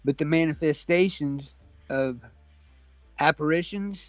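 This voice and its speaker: Brief: man, casual chatter, reflective and hedging, slightly high voice, dry close sound, faint music behind. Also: unhurried, no echo. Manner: reflective, hedging, talks about spirit beliefs. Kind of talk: casual chat.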